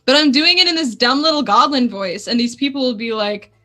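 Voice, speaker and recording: A woman with a Canadian accent talks casually as a guest on a live stream, lively and quick to laugh. Her voice is bright and clear. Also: high voice. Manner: lively, chatty, laughs often. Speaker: guest player.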